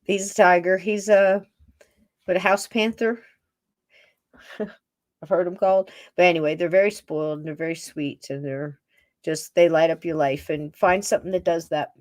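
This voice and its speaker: A woman hosting a paranormal podcast, talking casually and warmly. She rambles from one thought to the next and laughs often. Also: on the low side, steady tone, normal speed, long pauses, no room sound, clean studio sound. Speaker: podcast host. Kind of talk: casual chat, talking to her pets on camera.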